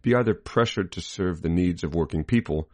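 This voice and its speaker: A man with a very low voice reads a scripted political commentary at a measured, deliberate pace. He marks each quotation aloud as he goes. The sound is dry and close, with no room around it. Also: darkish tone, no echo.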